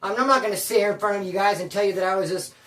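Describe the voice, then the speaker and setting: A man's voice: sits high, very fast, a bit bright, recorded from a distance. A man telling a prison story in casual, profane slang, animatedly quoting the people in it. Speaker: storyteller recounting prison life. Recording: roomy, voice from afar.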